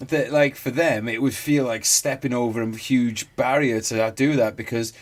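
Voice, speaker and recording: A man hosting a podcast, chatty and rambling, jumping in with quick remarks. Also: mid-range voice, steady tone. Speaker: podcast host, veteran. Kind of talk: casual podcast conversation.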